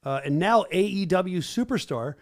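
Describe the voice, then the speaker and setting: Talking over video clips in a laid-back podcast chat, a middle-aged host is brash and full of jokes. His voice is high-pitched and animated, at a normal pace.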